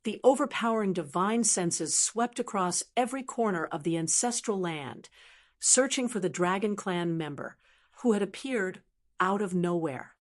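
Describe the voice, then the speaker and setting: A woman's voice: medium pitch, moderate pace. Woman narrating a fantasy audiobook.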